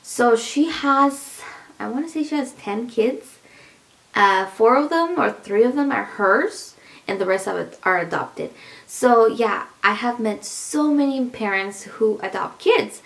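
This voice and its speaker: Woman in her thirties, casual vlogger, gravelly fry, talks loosely and laughs a lot. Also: on the high side, lively intonation, a little slow, fairly bright tone. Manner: chatty, rambling, laughs often, addresses viewers. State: pregnant. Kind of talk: casual pregnancy update vlog.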